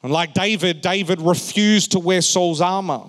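A male pastor preaching a sermon, swinging between emphatic raised phrases and quiet, joking asides to the congregation. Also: high voice, normal speed. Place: church hall. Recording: long reverb of a large hall.

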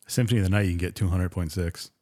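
Fast-talking man with a lowish voice. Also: steady tone, warm tone. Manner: quick, knowing, teasing. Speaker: podcast co-host. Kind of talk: casual chat.

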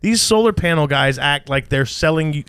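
A man hosting a casual podcast, telling a profane, animated story about a pushy salesman at his door. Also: fairly high pitch, moderate pace, clear, resonant tone, no room sound. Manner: profane, animated anecdote with acted-out quotes. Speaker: podcast host.

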